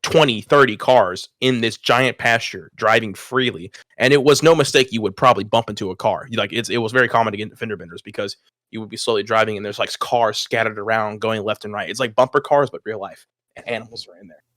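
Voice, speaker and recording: A man's voice: lowish voice, quick pace, no echo, studio quality. A young man co-hosting a podcast, telling a story in casual chat with lots of swearing and laughter. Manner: animated, swears often, laughs mid-story. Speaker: podcast co-host.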